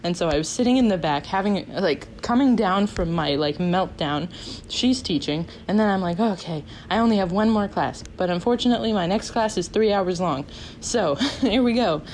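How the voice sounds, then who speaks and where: A woman in her twenties casually telling a story on a podcast, animated, laughing often and acting out what people said. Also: medium pitch, moderate pace, slight background noise, rough recording. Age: 20s.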